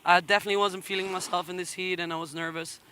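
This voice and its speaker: Emotional woman rider, bright tense voice. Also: on the low side, steady tone, a little hiss or hum. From Canary Islands. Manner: halting, apologetic, laughing through nerves. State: emotional, close to tears. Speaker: competing athlete interviewed. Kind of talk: post-heat interview.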